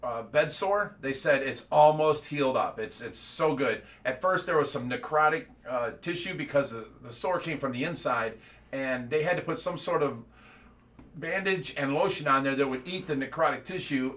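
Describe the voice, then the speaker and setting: A man's voice: medium pitch, normal speed, a bit bright. A middle-aged man from the United States giving a casual livestream update, rambling and repeating words, with laughs between his stories. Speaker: fish rescue owner giving an update.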